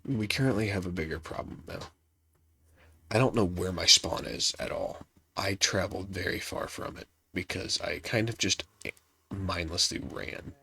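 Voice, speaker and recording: Congested young male gamer with a deep, gravelly voice, offhand self-deprecating commentary. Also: moderate pace, bright, forceful tone, slight background noise. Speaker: gaming youtuber. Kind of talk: casual gameplay commentary. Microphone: laptop setup.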